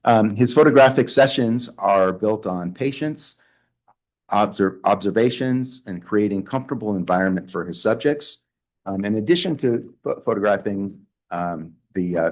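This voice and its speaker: A man hosting a photography club meeting, introducing the evening's speaker in a halting way as he reads from his handwritten notes. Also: on the low side.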